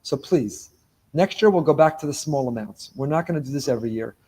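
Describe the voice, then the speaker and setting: A man's voice: medium pitch, expressive, brisk, warm tone, breathy edge. A man giving a sermon as a rabbi to a congregation in a synagogue, speaking emphatically, repeating key phrases and weaving in Hebrew terms. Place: synagogue before a live congregation.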